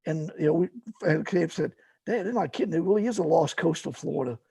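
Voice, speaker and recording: A man's voice: a little high, fast talker, creaky, mellow, husky, no room sound. A middle-aged man telling paramotor stories in a rambling, casual way, full of fillers and restarts. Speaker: guest, paramotor fly-in organizer. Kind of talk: casual storytelling.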